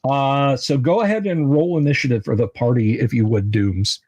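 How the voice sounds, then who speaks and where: A man running a tabletop game as game master, halting with many filler sounds. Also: mid-range voice, darkish tone, no echo. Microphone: video call mic.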